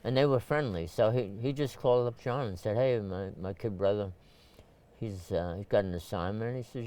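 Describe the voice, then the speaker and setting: An older man from Brooklyn, telling stories at a rambling pace, full of fillers and restarts, and clearing his throat often. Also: fairly low pitch, brisk, warm tone. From Brooklyn, New York. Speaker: photographer, interview guest. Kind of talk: casual storytelling interview.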